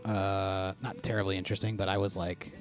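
A man's voice: low voice, flat delivery, fairly quick, soft background music. A man co-hosting a casual podcast, recapping a radio show in a rambling way with many fillers. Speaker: podcast co-host.

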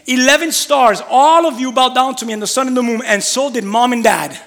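A man voicing a boastful seventeen-year-old boy who brags loudly to his older brothers. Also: very high-pitched, fairly quick, long reverb tail, voice pushed up. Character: teenage boy, boastful dreamer, bragging to brothers.

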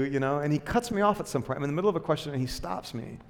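A man's voice: mid-range voice, very fast, hardly any pauses, in a large hall. A man, a pastor, preaching a sermon full of personal stories in a conversational, self-deprecating way with lots of fillers and restarts.

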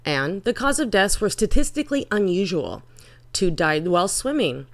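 A woman's voice: mid-range voice, big pitch swings, normal speed. A woman giving vlog commentary in an emphatic, indignant, profane manner.

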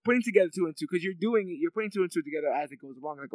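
A man's voice: on the high side, expressive, rapid-fire, a little mellow, no room sound, rough recording. A man in casual chat, rambling with many fillers and laughs as he talks through a favorite scene.

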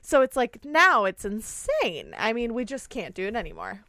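A woman's voice: on the high side, big pitch swings, creaky, sharp tone, dry recording, clean studio sound. A woman, a real estate broker chatting on a podcast, often restarting her sentences. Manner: halting, restarts mid-sentence. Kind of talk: casual podcast chat.

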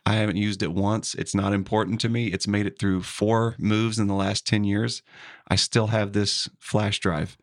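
A man co-hosting a casual podcast chat, agreeable and chatty, often backing the host with quick "yeah"s. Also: lowish voice, level tone, no room sound, clean studio sound.

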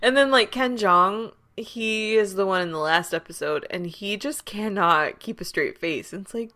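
A woman co-hosting a podcast in relaxed casual chat, rambling with fillers and laughs. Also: medium pitch, moderate pace, hardly any pauses. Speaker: podcast co-host. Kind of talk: casual chat, recommending a show.

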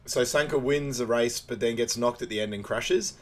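A man co-hosting a podcast, chatting casually as he recaps a movie, breaking into loud, high voices for quotes and laughing often. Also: moderate pace. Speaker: podcast co-host.

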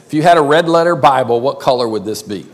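An older man from South Carolina with a Southern accent, preaching a playful sermon and drawing words out slowly. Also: mid-range voice, lively intonation. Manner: playful, drawls words slowly, calls crowd y'all. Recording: long hall reverb.

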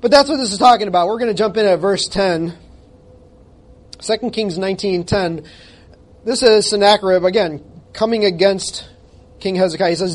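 Male pastor with a high voice, emphatic and conversational sermon, self-deprecating asides. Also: normal speed, long pauses. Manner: emphatic, conversational, jokes at himself. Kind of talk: sermon with scripture reading.

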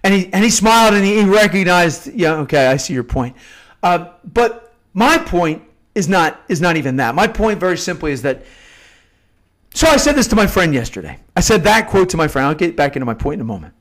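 A man's voice: sits high, sing-song, a little fast, a bit bright. A middle-aged man giving an earnest, unscripted devotional talk, often repeating and restarting phrases for emphasis. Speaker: Catholic novena host. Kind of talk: spontaneous devotional teaching.

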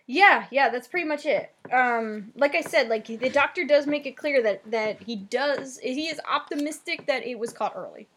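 A woman's voice: sits high, animated, moderate pace, hardly any pauses, fairly bright tone, a little hiss or hum. A young woman with a New Jersey accent, co-hosting a casual podcast and recapping a show with lots of fillers. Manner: chatty, many fillers, swears casually. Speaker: podcast co-host.

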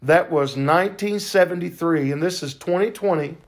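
An older man tells a faith testimony on his podcast, fervent and preacher-like, leaning on drawn-out words. His voice sits a little high and has a gravelly edge. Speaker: podcast host.

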